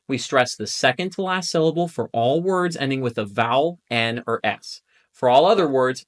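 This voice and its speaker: A young adult man who is a native English speaker, teaching a Spanish pronunciation lesson in a clear, patient way and drilling vowel sounds. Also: medium pitch, a bit bright. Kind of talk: instructional video lesson.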